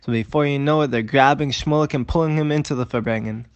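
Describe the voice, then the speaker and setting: A man telling a story in a lively, dramatic way. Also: medium pitch, fast, smooth, no room sound, highs cut off. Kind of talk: animated storytelling.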